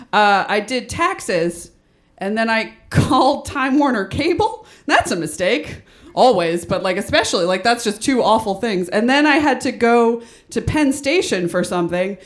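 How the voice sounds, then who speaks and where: A young woman from New doing a stand-up comedy set, chatty and self-deprecating, laughing at her own jokes. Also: on the high side. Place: small studio stage with audience.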